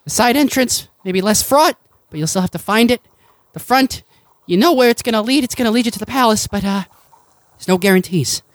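A man doing a high-strung, sighing rebel leader. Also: animated, brisk, no room sound. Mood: urgent. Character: weary, rambling male rebel leader. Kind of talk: tabletop role-play character voice.

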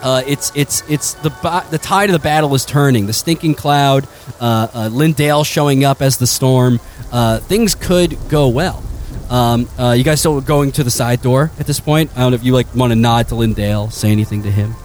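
A man's voice: mid-range voice, moderate pace, darkish tone, soft background music. A man running a tabletop game as game master, rambling with many fillers and crude asides.

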